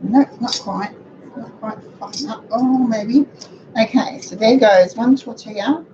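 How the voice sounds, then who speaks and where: A middle-aged woman with a croaky voice, chatting to viewers while she cooks in her home kitchen. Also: fairly high pitch, measured pace. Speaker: cooking show host. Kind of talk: casual cooking demonstration. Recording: dull lo-fi audio with background noise.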